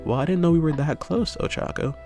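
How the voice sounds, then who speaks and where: A man voicing a calm, friendly teenage boy hero student in a narrated fan story. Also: fairly high pitch, fast, faint music behind, pitched above the performer's own voice, lightly acted.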